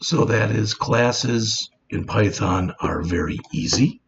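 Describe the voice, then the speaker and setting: A man's voice: on the low side, takes it slowly, vocal fry. A man teaching programming in a screen-recorded coding tutorial, explaining plainly and often saying "all right". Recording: dull lo-fi sound with faint background noise.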